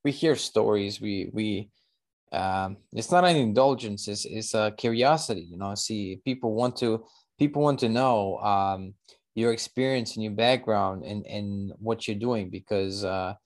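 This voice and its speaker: A man hosting a long-form interview podcast, asking halting, searching questions. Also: lowish voice. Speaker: podcast host. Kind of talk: casual interview talk.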